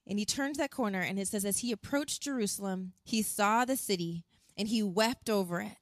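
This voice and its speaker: A woman preaching a sermon as a pastor, earnest and animated, acting out quotes as she tells the story. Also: mid-range voice, fairly quick, dry recording. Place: outdoors in wind.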